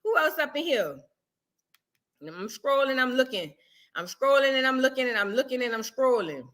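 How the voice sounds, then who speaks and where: A high-pitched woman with a New Orleans accent, hosting a loose livestream chat. Her voice is bright and forward, and she talks in an animated, playful way as she greets her viewers one by one. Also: normal speed. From New Orleans, Louisiana. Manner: animated, playful, calls viewers boo and girl. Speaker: livestream host.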